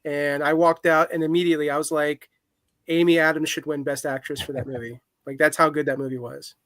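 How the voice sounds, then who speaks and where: A man co-hosting a podcast in casual chat, enthusiastic and quick to laugh. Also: a little high, flat delivery, fairly bright tone, no echo.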